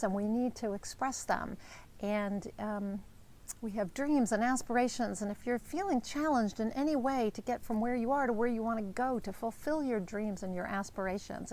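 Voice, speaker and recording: A woman's voice: fairly high pitch, a little mellow. A woman life coach giving an earnest, encouraging motivational talk with frequent fillers.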